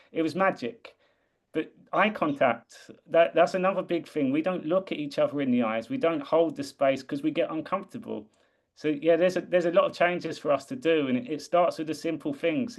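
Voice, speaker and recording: A man's voice: a little high, a little mellow. A man from the UK talking earnestly and reflectively in a casual conversation, often restarting his sentences. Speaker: guest.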